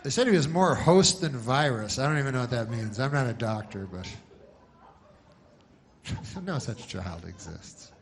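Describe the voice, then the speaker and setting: A man doing a stand-up set, deadpan and halting, with many false starts. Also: mid-range voice, slight background noise. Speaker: stand-up comedian.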